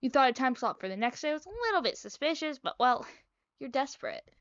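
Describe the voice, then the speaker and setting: A woman's voice: high voice, expressive, quick pace, fairly bright tone, no room sound, dull audio. A young woman reading a visual novel aloud, with playful, chatty, self-mocking asides. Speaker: gaming video creator.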